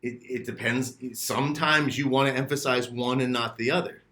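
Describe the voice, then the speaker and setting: A man's voice: mid-range voice, steady tone, moderate pace, sharp tone. A man teaching an English grammar lesson, rephrasing his points and acting out his students' questions. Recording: echoey room.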